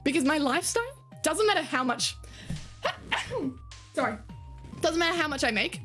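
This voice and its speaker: A woman's voice: high-pitched, expressive, moderate pace, fairly bright tone, soft background music. A woman streaming, chatting with her viewers in a casual way, laughing often and swearing casually. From Australia. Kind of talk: casual chat reading stream chat.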